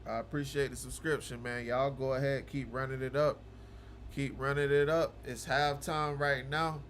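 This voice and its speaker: A man hosting a livestream, chatting casually with viewers and teasing them, going from low mumbling to loud ranting. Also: little pitch movement, measured pace, a little hiss or hum. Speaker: livestream host of a game broadcast.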